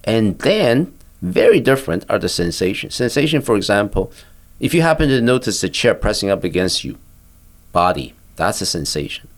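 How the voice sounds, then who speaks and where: An older man, a physician, guiding a listener through a body-awareness exercise in a calm, patient, instructive way. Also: on the low side, moderate pace. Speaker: physician and therapist guest. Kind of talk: guiding a mindfulness exercise in conversation.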